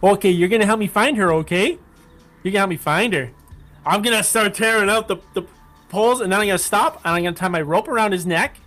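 A man playing a tabletop game in an excitable, chatty way, often exclaiming. His voice is a little high, with faint music behind him. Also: fast. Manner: excitable, laughing, says oh my gosh often. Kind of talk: casual game play.

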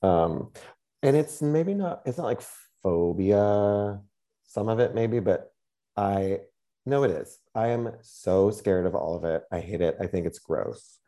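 Woman with a very low, dark voice. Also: lively intonation, a little slow. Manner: rambling, hesitant, self-correcting. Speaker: podcast co-host. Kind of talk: casual chat.

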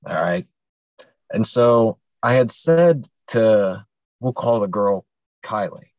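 A man's voice: on the low side, animated, slow, dry recording, muffled recording. A young man hosting a podcast, telling a long story casually with lots of swearing and fillers. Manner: rambling, profane, many fillers. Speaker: podcast host.

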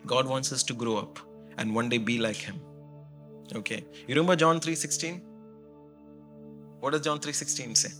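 A man, a pastor, preaching a sermon in an animated storytelling way, full of "you know" fillers. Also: mid-range voice, normal speed, long pauses, faint music behind.

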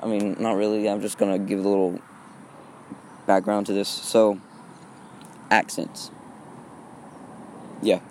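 A teenage boy from Texas talks through a solo podcast in a low, mellow voice. He rambles and hesitates and leans on fillers again and again. He is outdoors, with faint wind and traffic heard behind him. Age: teens. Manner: hesitant, repeats fillers often. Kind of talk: rambling casual monologue.

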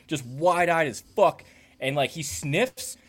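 A man's voice: a little high, takes it slowly. A man telling a profane, funny story in casual chat.

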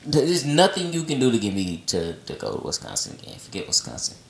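A man co-hosting a podcast, telling family stories in animated casual chat with low asides. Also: a little fast, vocal fry, reverberant, slight background noise. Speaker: podcast co-host.

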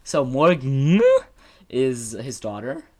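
A man's voice: mid-range voice, moderate pace, fairly bright tone. A man co-hosting a casual podcast, recapping a movie with a joking, sarcastic, rambling manner. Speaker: podcast co-host.

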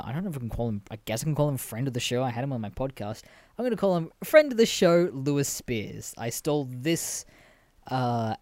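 A man's voice: mid-range voice, dry recording. Young man, casual podcast storytelling, swears a lot, laughs, dry close sound. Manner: animated, swearing, laughs at own stories. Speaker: podcast host.

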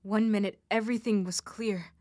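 A woman playing a young woman harassed at her office, speaking in halting, emotional lines of a spoken word drama. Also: medium pitch, steady tone, darkish tone, no room sound, clean studio sound, natural voice. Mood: anguished. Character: young woman harassed at work after an assault.

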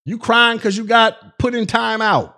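A man's voice: very high-pitched, steady tone, a little slow, sharp tone. A male podcast host on a live stream, ranting in a profane, mocking way at critics.

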